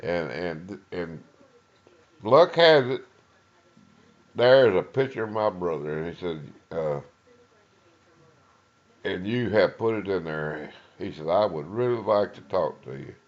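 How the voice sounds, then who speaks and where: With a low-sitting, expressive voice and an East Texas Southern accent, an older man, a retired lawman and Vietnam veteran, rambles through his oral history. He halts often with uhs and acts out quoted dialogue, and the recording's highs are cut off.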